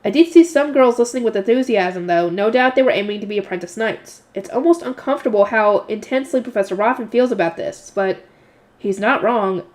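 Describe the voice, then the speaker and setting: A woman's voice: medium pitch, brisk. Woman casually reading a novel aloud. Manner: casual reading with self-corrections and commentary. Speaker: narrator and channel host.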